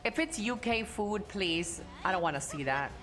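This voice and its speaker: A woman's voice: medium pitch, lively intonation, moderate pace, a bit bright, soft background music. A young adult woman streaming live, chatting casually and answering chat bluntly, with frequent swearing. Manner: blunt and profane, reading chat aloud and answering.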